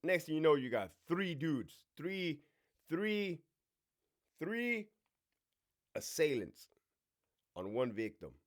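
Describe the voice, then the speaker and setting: A man's voice: mid-range voice, big pitch swings, normal speed. A man in his forties, a former prison officer, hosting a casual, profane storytime monologue with sound effects and asides to himself. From California.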